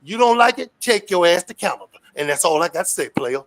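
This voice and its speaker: A man from the United States giving a fiery, profane rant in a street interview, often shouting. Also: sits high, big pitch swings, quick pace.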